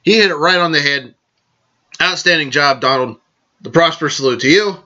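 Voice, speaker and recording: A man with a high, bright, forceful voice chats casually as a vlog host. He rambles, corrects himself mid-sentence and raises toasts to his listeners. The recording sounds dull and lo-fi. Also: moderate pace. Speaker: podcast host.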